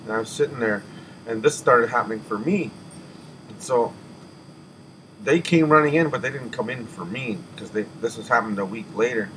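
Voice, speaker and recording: A man shares a personal spiritual testimony in a mid-range, somewhat bright voice, captured in poor audio with background noise. Earnest and emotional, he halts, restarts and repeats words, sighing and catching his breath.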